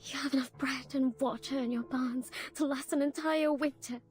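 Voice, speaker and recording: A woman voicing a shrill, terrified, starving young woman. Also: steady tone, moderate pace, faint music behind, natural voice. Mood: hungry, wistful. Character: frightened, ravenous young woman pleading for her life. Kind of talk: game voice acting.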